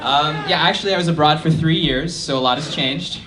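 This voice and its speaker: A young man doing a stand-up set at a college venue, deadpan and self-deprecating, with lots of fillers. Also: fairly high pitch, a little fast, background noise. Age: young adult. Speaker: stand-up comedian. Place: college performance space.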